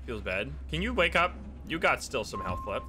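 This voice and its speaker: A man's voice: medium pitch, big pitch swings, moderate pace, over music. A man casually commentating a video game livestream, self-mocking and swearing often. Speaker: streamer playing a video game.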